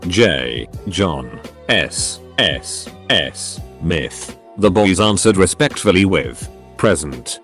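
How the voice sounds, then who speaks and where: A man doing scripted story narration in an expressive way, acting out the quoted lines. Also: lowish voice. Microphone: studio voice-over mic. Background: faint background music.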